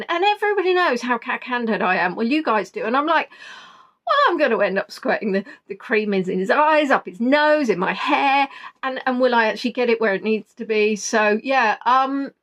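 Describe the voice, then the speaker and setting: A woman retells a stressful day in a casual, rambling way, quoting the people she spoke to. Her fairly high voice sounds emotional and a little flustered. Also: expressive, normal speed, fairly bright tone. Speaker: vlogger. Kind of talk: casual storytelling.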